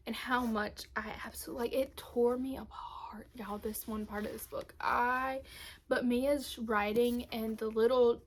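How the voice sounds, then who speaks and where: A woman's voice: fairly high pitch, a bit bright. Gushing young woman. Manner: gushing, emotional, drops into a whisper at times. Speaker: booktube vlogger. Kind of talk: casual book review chat.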